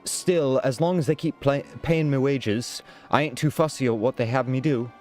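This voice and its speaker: A man voicing a rough-spoken male soldier for hire in a put-on Irish accent, halting and stumbling over his lines. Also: medium pitch, a little mellow, faint music behind, close to an everyday voice. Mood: gossipy.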